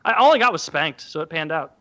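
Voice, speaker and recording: Bright high-voiced man telling stories. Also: fairly quick, highs cut off. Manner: animated, acts out quotes in a high voice. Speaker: podcast co-host. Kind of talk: casual storytelling.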